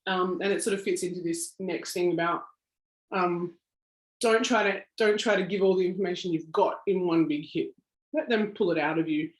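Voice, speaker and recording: A woman's voice: on the low side, moderate pace. An Australian woman giving an informal workshop talk, chatty, with lots of fillers and a self-deprecating laugh, heard over a video call. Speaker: workshop presenter. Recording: roomy echo.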